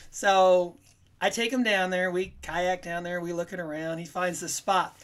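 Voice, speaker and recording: A man's voice: high voice, normal speed, clear, resonant tone. Rambling man spinning a hunting yarn. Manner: rambling, animated, quotes himself in little voices. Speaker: guest telling a hunting story. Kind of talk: casual podcast storytelling.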